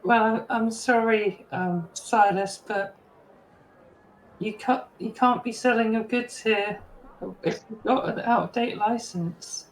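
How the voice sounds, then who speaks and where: A player speaking in character in a tabletop game, polite and measured. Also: mid-range voice, fairly even intonation, rough recording. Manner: slow, measured, polite officialdom.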